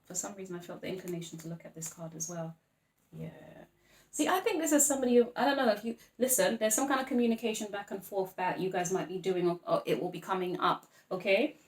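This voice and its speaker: A woman's voice: mid-range voice, quick pace. Chatty woman reading tarot, echoey room. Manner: chatty, rambling, apologetic asides. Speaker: tarot reader.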